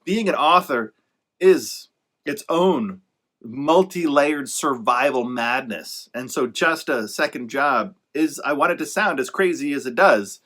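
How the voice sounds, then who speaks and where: Medium in pitch and a little bright, a man who writes books shares laid-back encouragement with other writers. His advice rambles, he keeps correcting himself, and his emphatic support comes mixed with sarcastic remarks.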